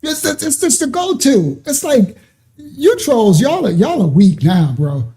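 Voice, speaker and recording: A livestream host with a dark, mellow tone talks to the chat with steady mid pitch. The delivery is teasing and mocking, full of short taunting questions and frequent laughter as trolls are called out. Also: unhurried. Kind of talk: livestream reacting to chat comments.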